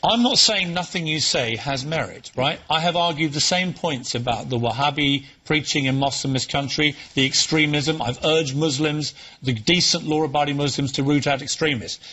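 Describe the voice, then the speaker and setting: A man's voice: fairly high pitch, normal speed, hardly any pauses, sharp tone, husky. A man from England hosting a live TV interview, pressing his guest with challenging questions. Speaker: TV presenter. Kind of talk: heated TV interview.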